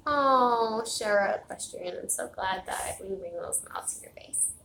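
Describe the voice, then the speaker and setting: A woman's voice: mid-range voice, moderate pace, bright, forceful tone, roomy sound, slight background noise, low-quality recording. A woman chatting casually to her viewers at home, rambling with lots of fillers and restarts. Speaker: vlogger. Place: home, indoors. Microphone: phone camera.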